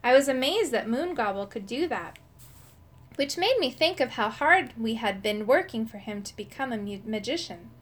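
A woman reading a children's book aloud in an expressive storytelling manner, changing her voice for the quoted lines. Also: a little high, moderate pace. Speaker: audiobook reader.

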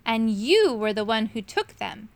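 A woman's voice: on the high side, very animated, measured pace, gravelly, no echo, exaggerated voice. A woman voicing a small male dragon in a storybook reading, demanding and indignant.

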